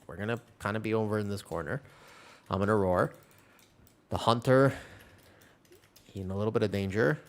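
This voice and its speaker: Animated man streaming gameplay commentary. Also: fairly low pitch. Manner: animated, rambling, mixes callouts with banter. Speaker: game streamer and tank player. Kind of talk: live gameplay commentary and chat with viewers.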